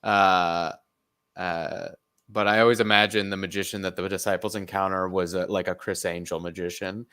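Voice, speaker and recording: A man in a casual group discussion, playful and joking with deadpan asides. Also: low-pitched, moderate pace, clean tone. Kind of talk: casual group video chat.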